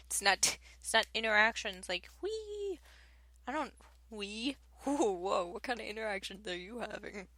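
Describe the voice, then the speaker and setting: A woman's voice: medium pitch, expressive, slow, pauses often, bright, forceful tone, dry recording. A young woman reading radio segment intros, giggling and tripping over her lines as she mocks herself. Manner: giggly, stumbling over lines, self-mocking. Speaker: student radio host. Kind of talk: casual blooper-filled radio announcements.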